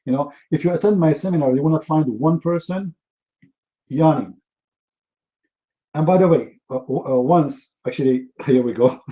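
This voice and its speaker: A man's voice: a little high, moderate pace, long pauses, mellow, lo-fi sound. A man giving a humorous talk, telling stories in a mocking, sarcastic way. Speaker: speaker.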